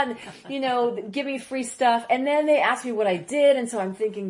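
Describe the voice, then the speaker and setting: A woman guest who grew up in Iraq, telling stories in a casual interview, rambling with quick asides. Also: a little high, darkish tone.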